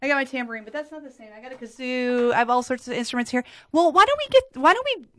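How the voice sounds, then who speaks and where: A woman's voice: sits high, expressive, racing, dry recording. A woman hosting a community radio show, playful and teasing in casual chat, often laughing. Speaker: radio host.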